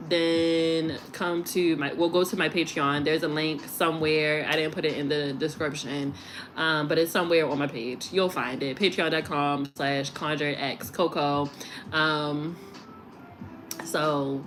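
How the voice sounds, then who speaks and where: A woman tarot reader chatting casually on a live stream, animated and laughing, swearing and mocking, then settling low and slow as she signs off. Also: a little hiss or hum.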